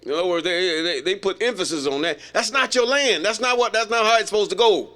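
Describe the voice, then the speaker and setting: A man with a fairly high, forceful voice teaches an informal Bible study. He reads scripture aloud and then breaks off into loose, folksy commentary. His delivery is emphatic and conversational. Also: fast talker.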